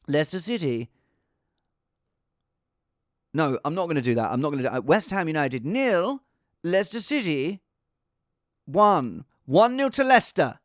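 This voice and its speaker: A man hosting a fantasy football podcast on his own, predicting scores in an excitable, jokey way with sudden high exclamations. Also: unhurried, pauses often, no echo, studio quality. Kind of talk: casual solo score predictions.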